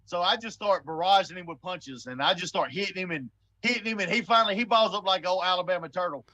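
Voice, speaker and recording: A forty-something man with a high, tense, bright voice. He is a guest on a live show, spinning a rowdy story in a blunt, swearing, chatty way and laughing often as he goes. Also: fast talker, muffled recording. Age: 40s. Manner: animated, laughs often while telling. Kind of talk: casual storytelling.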